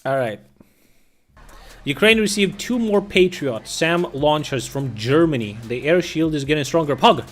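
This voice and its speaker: A man's voice: a little high, expressive, measured pace. A man streaming casual, profane commentary on war news, reading headlines and reacting bluntly. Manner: profane, blunt, bursts of loud laughter.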